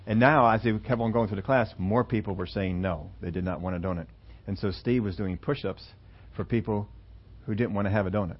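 A preacher telling an illustration story in a sermon, halting at times with fillers and restarts. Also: male voice, lowish voice, muffled recording.

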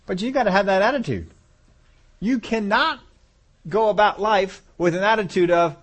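A man preaching a sermon, animated, acting out voices of God and people and chuckling as he goes. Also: high voice, moderate pace.

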